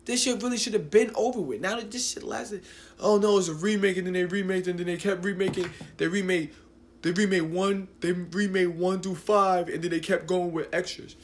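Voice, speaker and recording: Brisk and fairly even in intonation, this high-voiced host is a New Jersey man in his late twenties delivering a casual solo podcast rant. He swears and rambles, restarting often, and there's a little hiss or hum on the recording.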